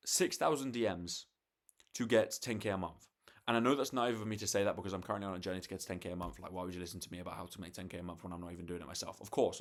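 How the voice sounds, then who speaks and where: Young man, low-pitched, rambling to camera late at night; swears freely, restarts sentences. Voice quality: swears freely, restarts often, acts out sales calls. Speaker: vlogger.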